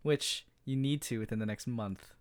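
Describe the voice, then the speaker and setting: A man's voice: mid-range voice, moderate pace, no echo. A young man co-hosting a podcast in casual chat, laid-back and swearing often. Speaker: podcast co-host.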